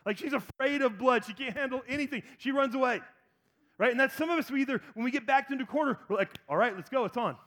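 A man's voice: very high voice, quick pace, a bit bright. A man in his forties preaching a sermon, animatedly acting out the voices of people in the story. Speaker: pastor.

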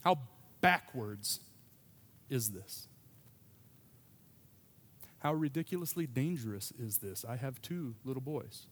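A man preaches a sermon in an easy, storytelling way, breaking off now and then for quick asides. His voice sits at a middle pitch. He sounds like a pastor telling his congregation about his own life. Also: lively intonation, a bit bright.

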